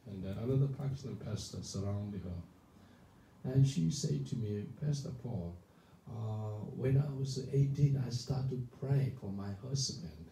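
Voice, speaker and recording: A male pastor preaching a sermon, emphatic and animated, often asking the congregation whether they understand. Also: medium pitch, unhurried, gravelly. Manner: animated, emphatic, calls for responses. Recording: echoey room from far off, faint noise.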